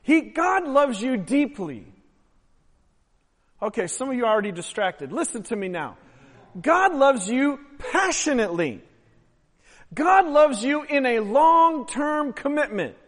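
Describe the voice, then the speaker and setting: A man preaching a sermon as pastor, emphatic and swelling louder on key phrases. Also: extremely high pitch, very animated, unhurried. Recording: long hall reverb.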